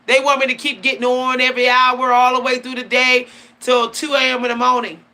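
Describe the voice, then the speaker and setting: A woman's voice: high voice, monotone, a little fast, sharp tone. A woman hosting her channel, talking casually and emphatically about spiritual matters, slangy and laughing often. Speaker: channel host. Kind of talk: casual spiritual talk to camera.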